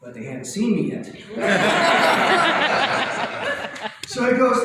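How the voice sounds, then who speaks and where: A man from Indiana doing a stand-up set on a theater stage, telling stories in a quick, conversational way. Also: extremely high pitch, big pitch swings. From Indiana, USA. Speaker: stand-up comedian. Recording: echoey theater, far from mic, noisy.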